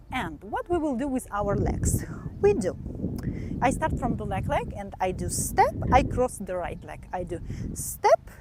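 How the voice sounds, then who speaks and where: Woman counting out a belly dance class. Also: high voice. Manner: counts beats aloud and cues body posture. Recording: loud background noise.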